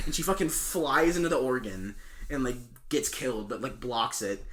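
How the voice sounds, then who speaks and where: Bright-voiced young man recapping a movie. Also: medium pitch. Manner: swearing, laughing, quick plot retelling with goofy quoted voices. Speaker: podcast co-host.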